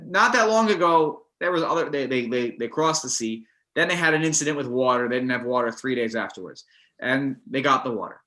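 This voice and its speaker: A man teaching a text study class, animated, with many restarts, acting out the verses. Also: mid-range voice, brisk.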